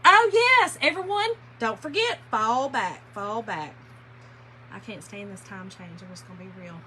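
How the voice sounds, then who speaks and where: A woman's voice: medium pitch, expressive, normal speed, bright, forceful tone, poor audio. A woman hosting a casual livestream, telling stories and laughing while painting furniture. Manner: chatty, laughing storyteller, addresses viewers as y'all. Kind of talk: casual livestream chat to viewers. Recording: workshop noise, sanding and rubbing.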